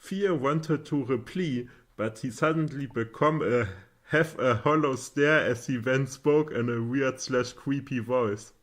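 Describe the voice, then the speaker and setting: A man narrates a fanfic for comedic effect, slow and unhurried. He often laughs between lines. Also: medium pitch, a bit bright.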